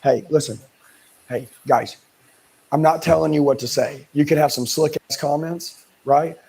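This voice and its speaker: Male sales coach, dark husky voice, hard-driving and emphatic. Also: a little high, fairly even intonation, normal speed. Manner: intense, emphatic, blunt coaching. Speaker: sales trainer. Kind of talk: live sales coaching seminar.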